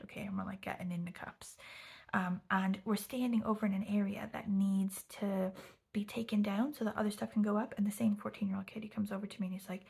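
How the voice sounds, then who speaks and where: A young woman vlogs a casual storytime in a mid-range voice that's a little mellow, breathy and gravelly. Her chatty delivery is often half-whispered and packed with "like."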